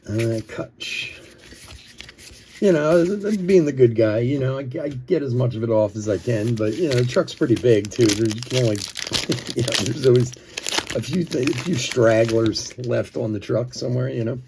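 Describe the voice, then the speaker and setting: A man's voice: mid-range voice, moderate pace, a little mellow, slight background noise. A man, host of a live card-breaking stream, telling a rambling story full of "like" and chuckles. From Philadelphia area. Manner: rambling, chuckles often, says "like" a lot. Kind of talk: live-stream storytelling while opening cards.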